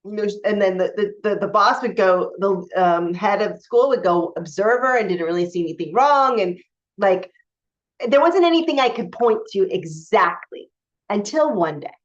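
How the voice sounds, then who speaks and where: A woman's voice: mid-range voice, expressive, moderate pace. A woman coaching spiritually, telling a personal story to camera in a candid, emphatic way with many fillers and restarts. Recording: dull lo-fi recording.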